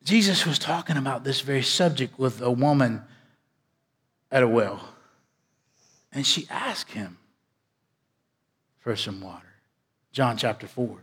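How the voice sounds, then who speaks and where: A man preaching a sermon as a pastor, swinging between loud emphasis and hushed, quiet passages. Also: medium pitch, measured pace, pauses often, big-room sound.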